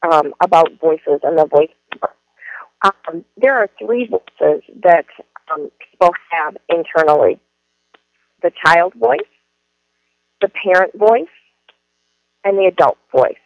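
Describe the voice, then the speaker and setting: A man with a fairly high voice speaks in an earnest, explanatory way, pausing often on ums as he works through his points. The recording is dry and dull, with a lo-fi, muffled quality. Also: animated, dry recording. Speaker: education trainer. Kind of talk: spoken presentation.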